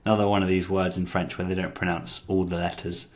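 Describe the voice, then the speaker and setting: A low-voiced man talks casually through an app review, chatty and full of fillers. He repeats lines aloud before commenting on them. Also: flat delivery, quick pace. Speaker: language-learning YouTuber.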